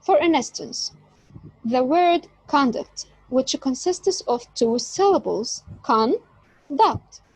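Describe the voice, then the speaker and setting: A woman giving an online English lecture, explaining word stress with slow, emphatic examples. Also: sits high, lively intonation, breathy edge, dry recording, low-quality recording. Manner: slow, emphatic teaching delivery. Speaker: English teacher.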